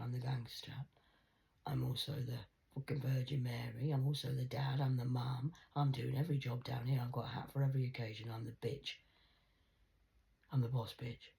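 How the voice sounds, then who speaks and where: A woman's voice: rumbling low, vocal fry, darkish tone. A woman vlogging a rambling, profane monologue full of rhetorical questions to her viewers.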